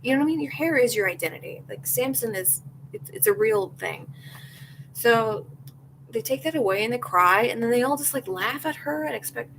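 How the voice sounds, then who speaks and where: A woman's voice: on the high side, lively intonation, normal speed, a bit bright, slight background noise, rough recording. A young woman hosting a podcast, chatting candidly and with strong opinions, often acting out what other people said. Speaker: podcast host. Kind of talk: casual chat reacting to live comments.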